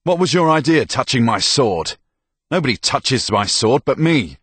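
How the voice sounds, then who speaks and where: A hot-tempered soldier in a storybook reading, voiced by a man with a deep, gravelly voice. He barks out short scolding lines, louder and sharper than the narration around them. The delivery stays dry and close. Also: takes it slowly, no echo, heavily acted. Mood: angry. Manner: barking, scolding.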